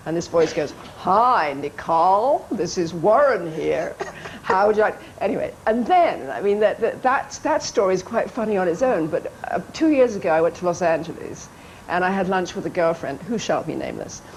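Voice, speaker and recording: Low-voiced woman telling anecdotes. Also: expressive, brisk, few pauses, a little mellow, rough recording. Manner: amused storytelling, playful quoted voices, light laughs. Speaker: actress and guest. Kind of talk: chat show interview, telling anecdotes. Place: TV studio. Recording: archive TV broadcast with faint background noise.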